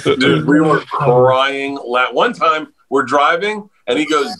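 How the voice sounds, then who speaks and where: A man, a comedian guest on a podcast, telling stories over a video call with lots of laughter and excited jumps in pitch. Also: measured pace, a little hiss or hum, poor audio. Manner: loud storyteller, laughs a lot, jumps up in pitch when excited. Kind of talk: casual podcast chat.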